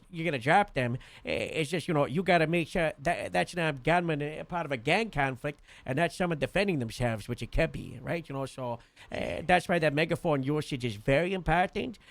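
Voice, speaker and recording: Gravelly man giving a rambling briefing. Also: on the high side, fairly bright tone, no room sound. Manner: rambling, full of "uh" and "you know". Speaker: police captain in a role-play. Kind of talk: casual briefing.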